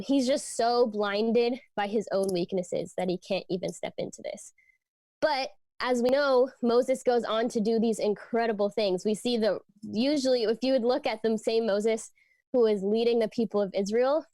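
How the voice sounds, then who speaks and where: A young woman speaking to a youth group in a relaxed, chatty sermon, her voice at an everyday middle pitch. She talks earnestly through a scripture passage and often drops in "like" and "um". The sound is dry and close, with no room around it. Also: no room sound. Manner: conversational, frequent fillers like "like" and "um".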